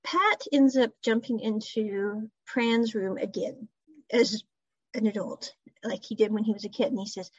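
Lady rambling through a show recap, a bit high and husky, dull lo-fi mic. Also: normal speed, no echo. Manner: rambling retelling with "so anyway" asides. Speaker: series reviewer. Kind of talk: casual episode recap. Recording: dull lo-fi recording.

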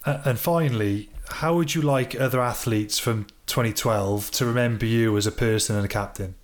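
A man's voice: mid-range voice, moderate pace. Chatty British man hosting a podcast. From Britain. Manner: chatty, animated, acts out quotes. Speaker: podcast host. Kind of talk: casual podcast interview.

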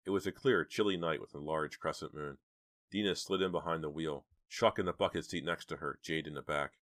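A man narrating an audiobook in a steady, measured storytelling manner. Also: very deep voice, no room sound, clean studio sound.

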